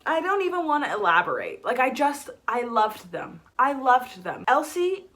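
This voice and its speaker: A young American woman chatting casually about books in a vlog, animated and talkative, ranting with lots of "like" fillers. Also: high-pitched, moderate pace. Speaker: book vlogger. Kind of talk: casual book review chat.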